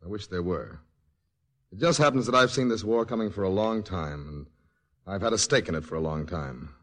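An idealistic young recruit in a 1940s radio play, his voice on the low side. He talks earnestly and thoughtfully with a dry gentle humor, his pitch rising and falling with feeling. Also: expressive, fairly quick. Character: idealistic young writer enlisting, earnest and cheerful.

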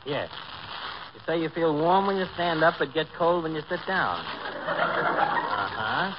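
A sharp-tongued country doctor, indignant put-downs; high, swingy voice, hissy old radio. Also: male voice, expressive, a little slow, muffled recording. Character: sharp-tongued, huffy small-town doctor. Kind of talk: 1940s radio comedy acting.

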